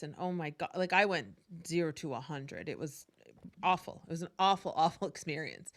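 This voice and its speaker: A woman hosting a podcast, telling a personal story in a casual, candid way with profanity and frequent asides. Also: on the low side. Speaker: podcast host.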